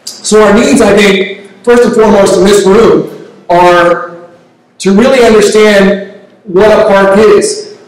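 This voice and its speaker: A man, a community advocate, making an earnest, argumentative public comment at a meeting. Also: sits high. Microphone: distant room mic. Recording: very echoey room from far off.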